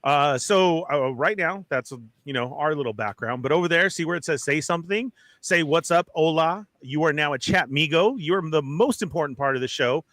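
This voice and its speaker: Bright-voiced energetic man hosting. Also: fairly high pitch, normal speed, few pauses, no room sound. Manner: energetic hype-man delivery. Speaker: podcast host. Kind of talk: casual livestream chat.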